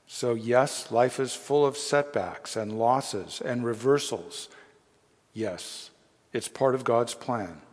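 A man's voice: medium pitch, takes it slowly. Earnest male preacher in a reverberant hall. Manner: earnest preaching with rising emphasis on key phrases. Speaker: pastor. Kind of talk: sermon.

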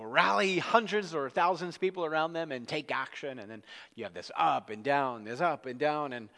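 Animated preacher in a reverberant hall. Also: male voice, mid-range voice. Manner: conversational, storytelling, animated. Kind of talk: expository sermon.

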